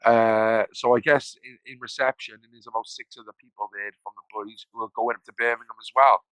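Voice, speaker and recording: A man's voice: mid-range voice, fairly even intonation, brisk, fairly bright tone, dry recording, rough recording. A man, a podcast guest telling his story casually, rambling, swearing freely and acting out the voices of people he quotes.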